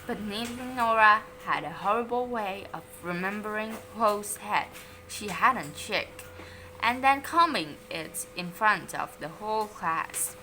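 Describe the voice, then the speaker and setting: Woman storyteller, Vietnamese native, expressive, lively pitch, unhurried. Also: a little hiss or hum. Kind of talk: reading a children's story aloud.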